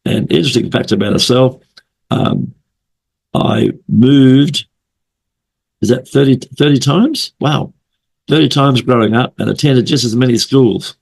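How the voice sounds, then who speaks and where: A man hosting a casual remote interview, hoarse from a flu, chatty and rambling, often repeating himself. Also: medium pitch, measured pace, pauses often. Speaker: interview host. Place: at home late at night, remote call.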